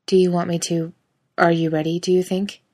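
A woman's voice: lowish voice, little pitch movement, brisk, a little mellow, close to an everyday voice. A woman voicing a playful, teasing young man in a storybook reading.

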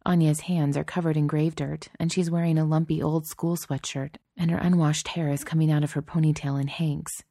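A woman narrating a story in a steady, measured, softly expressive way. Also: deep voice, dry recording, clean studio sound. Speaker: audiobook narrator.

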